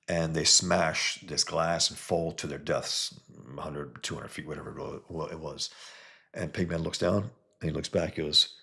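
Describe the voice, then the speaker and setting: A low-pitched man holds forth on comics in a casual monologue. He argues bluntly and with heat, and he shows scorn for views he rejects. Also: fairly bright tone. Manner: heated, blunt, mocks others with sudden high put-on voices. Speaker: comics creator.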